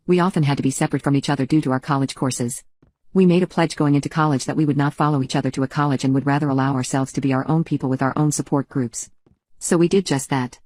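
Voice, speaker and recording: A woman reading a first-person relationship story aloud in a steady storytelling manner. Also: sits low. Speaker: story narrator.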